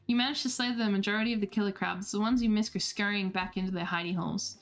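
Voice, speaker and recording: A woman's voice: mid-range voice, steady tone, fast. A woman streamer reading a dating game aloud, playful and laughing, with self-deprecating asides.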